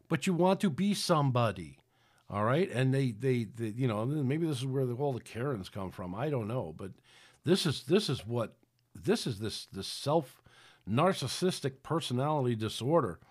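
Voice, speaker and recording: A man's voice: mid-range voice, a little mellow. A man preaching on a podcast in a rambling, conversational way, with many restarts. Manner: rambling, with frequent restarts and acted-out quotes. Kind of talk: sermon-style podcast talk.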